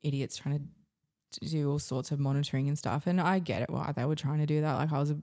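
An Australian woman tells her story as a podcast guest, her voice low-pitched and mellow. She talks frankly and ramblingly, full of fillers and easy swearing. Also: steady tone, fairly quick. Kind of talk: candid personal storytelling.

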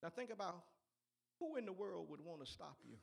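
A man's voice: high-pitched, very animated, brisk, vocal fry, slightly rough. A man preaching a sermon in an emphatic, repetitive way, urging his listeners on.

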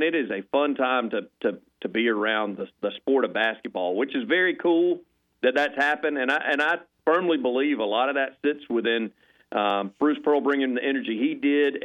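A man calling in as a guest on a sports radio show, talking in a rambling, animated way with repeated words, heard over a phone line. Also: mid-range voice. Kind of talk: call-in sports chat.

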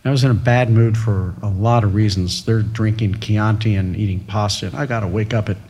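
A middle-aged man, a restaurateur, telling his story as an interview guest, animated and acting out the people he quotes. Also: fairly low pitch, fairly quick, husky. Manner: animated, quoting others in lively voices. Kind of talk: storytelling in casual conversation.

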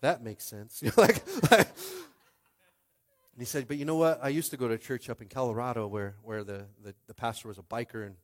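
A young man preaching a sermon as pastor, conversational and animated, calling out to the congregation. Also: mid-range voice, moderate pace.

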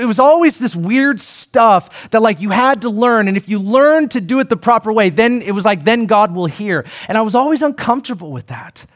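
A man with a fairly high voice preaching a sermon. He talks to his congregation in an animated, conversational way, breaking off into asides and restarting his sentences. His pitch rises and falls freely as he builds his points. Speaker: pastor.

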